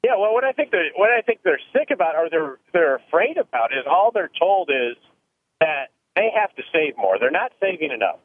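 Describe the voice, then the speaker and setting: A man's voice: fairly high pitch, big pitch swings, normal speed. Man explaining over a tinny phone line. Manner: explanatory, thoughtful, frequent restarts. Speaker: retirement planning guest. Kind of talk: phone interview.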